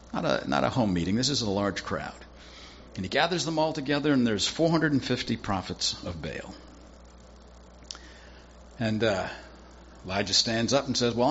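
Animated low-voiced male preacher. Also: lo-fi sound, a little hiss or hum. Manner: acts out characters' lines in quick animated voices. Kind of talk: sermon retelling a Bible story.

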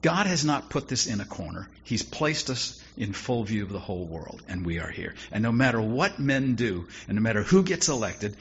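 A man's voice: lowish voice, big pitch swings, moderate pace, hardly any pauses, husky. A man preaching a sermon in a conversational style, with wry asides and rising emphasis. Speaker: pastor. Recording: dull lo-fi sound with faint noise.

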